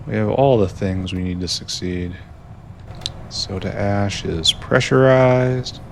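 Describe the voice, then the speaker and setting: A man's voice: lowish voice, slow, slight background noise. A man thinking aloud in casual commentary while playing a game, musing and mocking himself. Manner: musing, talks to himself, dry self-mockery. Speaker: gameplay streamer.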